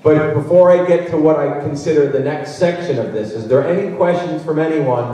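A man's voice: a little high, brisk, warm tone. A man giving a workshop presentation to parents, talking conversationally and acting out quotes from students and coaches. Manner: conversational, acts out hypothetical quotes. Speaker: college recruiting speaker. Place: high school auditorium. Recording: roomy hall, distant mic.

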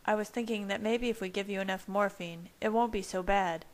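A woman's voice: mid-range voice, a little fast, lightly acted. A woman voicing an intense, yearning young man who speaks with earnest passion, in a fan-read storybook. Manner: earnest, impassioned.

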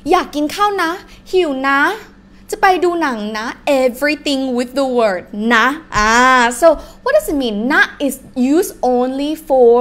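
A woman's voice: high-pitched, a bit bright. Woman teaching with a Thai accent. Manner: explains slowly, repeats words with shifting tones. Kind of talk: live-streamed language lesson. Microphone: laptop or phone mic on a live stream.

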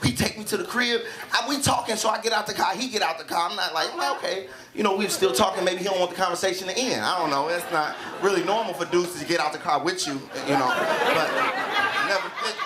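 A man telling a story as a stand-up comedian, animated, with a live crowd laughing. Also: sits high, fast talker. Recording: played back live club set with crowd and noise.

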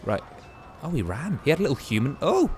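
A man's voice: fairly high pitch, big pitch swings, fairly quick, a little mellow, a little hiss or hum. A man giving casual commentary as he plays a video game, chatty and full of exclamations. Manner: chatty, exclaims and muses aloud while playing. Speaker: gaming YouTuber.

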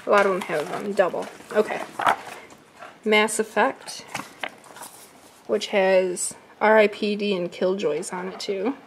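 A woman's voice: medium pitch, fairly even intonation, background noise. Chatty woman vlogger showing off comics. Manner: chatty, slow when reading titles. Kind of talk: casual unboxing chat. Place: home.

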